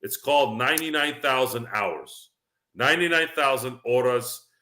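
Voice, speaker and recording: A man's voice: mid-range voice, expressive, normal speed, pushed and bright. A man hosting a sports talk show, rambling emphatically from basketball into life lessons. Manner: rambling, emphatic, preachy asides. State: tipsy. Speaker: show host. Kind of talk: casual sports talk monologue.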